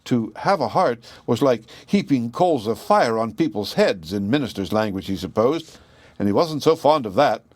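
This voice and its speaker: A man narrating a children's storybook in a gentle, expressive way. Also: mid-range voice, normal speed, no echo. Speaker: audiobook reader.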